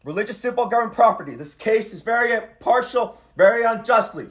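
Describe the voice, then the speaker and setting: A man's voice: very high voice, lively intonation, brisk, fairly bright tone. A man on speakerphone arguing insistently, repeating himself and talking over the other person. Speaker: caller. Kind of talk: heated phone argument.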